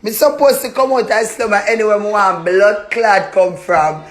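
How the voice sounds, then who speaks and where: A woman's voice: medium pitch, moderate pace. Cursing Jamaican woman in a heated row. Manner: loud cursing patois, taunting with bursts of laughter. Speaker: tenant in a dispute. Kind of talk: heated real-life argument.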